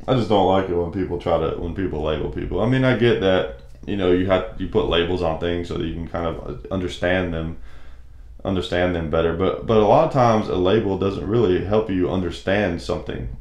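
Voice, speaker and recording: A man with a low voice talks through a loose, opinionated monologue, circling back with plenty of asides. His voice rings off the walls of an echoey room. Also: darkish tone. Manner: rambling, opinionated storytelling. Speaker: radio show host. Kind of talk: casual monologue.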